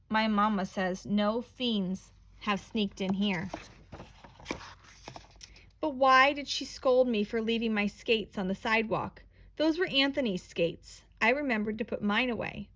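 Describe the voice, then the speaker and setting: A woman reading a children's picture book aloud in a slow, expressive, playful storytelling manner. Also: mid-range voice.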